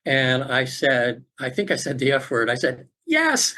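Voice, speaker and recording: A middle-aged man, a podcast guest, telling a personal story in an earnest, halting way with many restarts, over a remote call. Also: mid-range voice, level tone, pushed and bright. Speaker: podcast guest, afterlife facilitator.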